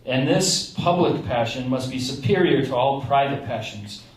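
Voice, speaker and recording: A man putting on a stern New England gentleman. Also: medium pitch, lively intonation, natural voice. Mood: earnest. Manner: slow, declamatory reading of an old letter. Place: small theatre stage with audience. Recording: roomy live room, mic at a distance.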